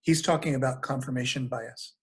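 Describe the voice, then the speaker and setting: A man joins a discussion with short remarks and agrees readily. His pitch sits in the middle range. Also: a little fast. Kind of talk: conversational discussion.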